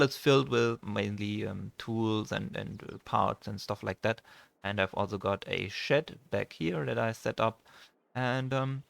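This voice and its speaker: Here a young German-accented man, German by birth, hosts a let's play of a farming game in a casual style, often stopping to find his words. His voice sits at medium pitch, gravelly and a bit bright, with no room sound.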